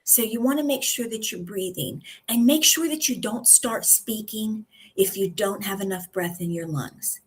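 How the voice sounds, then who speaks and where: Woman, communication coach, live video lesson, slow unhurried delivery, husky tone, calm and instructive. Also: mid-range voice. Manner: calm, instructive, pauses deliberately. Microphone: live video stream.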